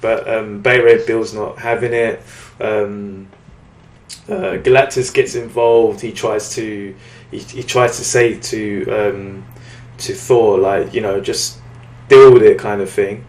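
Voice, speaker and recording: A man's voice: lowish voice, steady tone, slow, reverberant. A man casually recapping a comic book story on a podcast, rambling and acting out the characters' lines. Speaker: podcast co-host.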